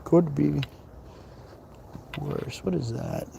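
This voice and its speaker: In a cemetery outdoors, a man with a fairly high, gravelly yet mellow voice draws out his words while hosting a live ghost-hunting stream. There's slight background noise, and his talk is casual and rambling, dotted with laughs and asides as he explores.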